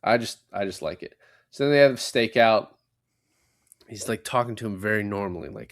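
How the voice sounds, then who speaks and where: A man's voice: fairly low pitch, brisk, no room sound, clean studio sound. A young man on a casual podcast, retelling a film scene by scene, swearing freely and acting out the characters' lines. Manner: animated retelling, swears a lot, acts out lines. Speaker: podcast co-host. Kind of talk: casual movie recap chat.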